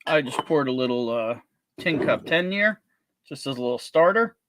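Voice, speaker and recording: A man hosting a casual whiskey livestream, greeting viewers with jokey, upbeat shout-outs. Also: mid-range voice, lively intonation, moderate pace, background noise. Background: faint background music.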